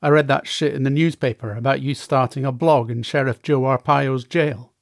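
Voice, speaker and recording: A man's voice: medium pitch, steady tone, normal speed, creaky, no echo, studio quality, natural voice. A man doing a streetwise New York Italian mobster. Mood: easygoing. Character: tough adult male mobster's son, friendly.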